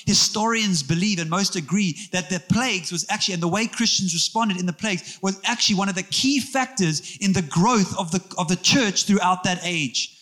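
A man preaching a sermon in a church, animated and joking with the congregation. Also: high voice. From South Africa. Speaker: pastor.

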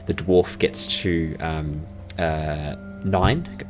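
A man's voice: low-pitched, moderate pace, soft background music. A man running a tabletop role-playing game as dungeon master, describing scenes with many fillers. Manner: rambling, filler-heavy description.

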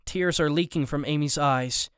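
Smooth, dry male audiobook narrator. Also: a little high, normal speed, a bit bright, no room sound. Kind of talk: scripted first-person story narration.

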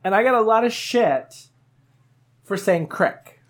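A woman's voice: medium pitch, slow pace. Chatty, laughing woman podcast host. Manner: laughing, rambling, animated. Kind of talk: casual chat with friends.

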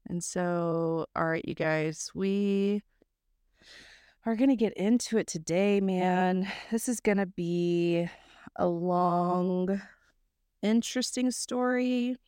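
A woman's voice: lowish voice, takes it slowly, mellow, clean tone, no echo, clean studio sound. A young woman from South Mississippi co-hosting a true crime podcast, blunt and joking with frequent swearing. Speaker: podcast co-host. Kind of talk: casual true crime chat.

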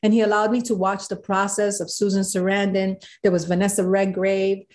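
A woman, a guest in an interview, telling a story with animated quoted voices. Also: medium pitch, fairly quick. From South Bronx, New York. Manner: animated, acts out quotes of others.

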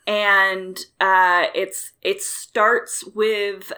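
A woman in casual conversation about films, animated and thinking aloud with frequent fillers. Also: medium pitch, very slow. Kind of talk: casual film discussion.

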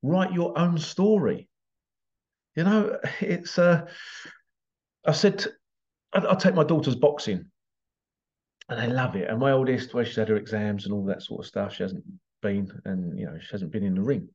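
A man's voice: medium pitch, normal speed, pauses often, darkish tone, highs cut off. A man telling a story as a parent in a casual motivational talk, acting out the voices of the people in it. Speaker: parent giving life advice.

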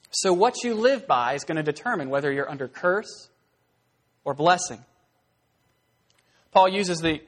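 A man's voice: high voice, husky. A man preaching an expository sermon in a casual, conversational way, full of fillers and asides, acting out scenes as he explains. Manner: animated storytelling, acting out scenes.

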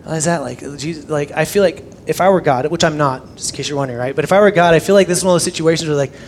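A young man preaching a sermon, animated, swinging from loud emphasis to hushed near-whispers. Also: a little high, very fast, a little hiss or hum. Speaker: pastor.

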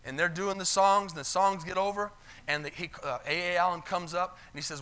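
Male pastor preaching from the pulpit; high, bright voice, retells stories in quoted voices. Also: steady tone, fairly quick, clear, resonant tone. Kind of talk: sermon storytelling. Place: church sanctuary.

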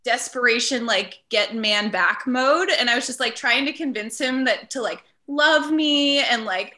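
A woman's voice: a little high, a little slow, sharp tone. A young woman from the Chicago suburbs, a Pilates instructor guesting on a podcast, telling a personal story in a chatty way full of "like". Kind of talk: casual podcast chat.

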